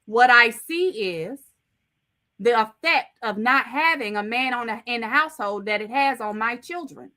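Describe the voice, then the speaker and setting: A woman's voice: a little high, moderate pace, bright, forceful tone. A woman on a livestream panel, speaking bluntly and combatively, swearing as she pushes back. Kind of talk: heated panel discussion.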